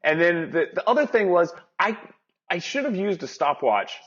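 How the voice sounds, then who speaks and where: A man's voice: high-pitched, very animated, moderate pace, fairly bright tone. A man co-hosting a casual movie review podcast, rambling, restarting his sentences and laughing often. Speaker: podcast co-host. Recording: dull lo-fi podcast audio.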